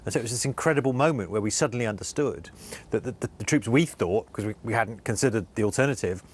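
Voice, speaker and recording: A male correspondent reporting live in a news interview, earnest and halting with many restarts. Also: medium pitch, breathy edge.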